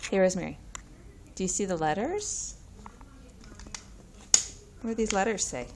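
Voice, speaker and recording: Sniffly mom talking to her toddler, sing-songy and slow, lively pitch, bit of hiss behind. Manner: slow, sing-song coaxing. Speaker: mother. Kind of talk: casual talk to a toddler.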